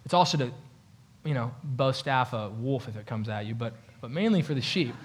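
Male pastor, casual sermon delivery, animated and wry, average pitch. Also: moderate pace. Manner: casual, joking, animated preaching. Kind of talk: conversational sermon. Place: church.

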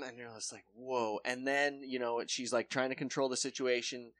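Animated male podcast storyteller, dry close mic. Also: mid-range voice, normal speed, hardly any pauses, dry recording. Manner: animated storyteller acting out quotes. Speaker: podcast co-host. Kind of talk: casual chat, retelling a true crime show.

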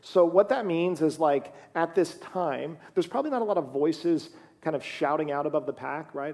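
A man's voice: fairly high pitch, moderate pace, hardly any pauses, darkish tone. A man preaching a sermon in a conversational way, reading scripture aloud as he goes. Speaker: pastor.

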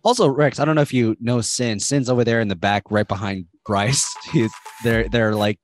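A man's voice: mid-range voice, steady tone, normal speed, a little hiss or hum. A man co-hosting a casual movie podcast, rambling with many fillers and breaking into laughs. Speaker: podcast co-host.

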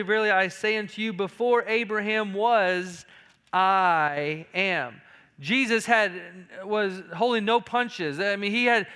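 A man's voice: high voice, bright, forceful tone. A man preaching a sermon as pastor, emphatic, with repeated words and rising intensity.

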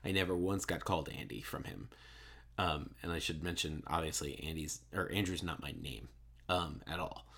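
A man's voice: extremely low pitch, normal speed, gravelly, bright, forceful tone. A man in his thirties telling a rambling anecdote in casual podcast chat, full of fillers and restarts. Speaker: podcast co-host.

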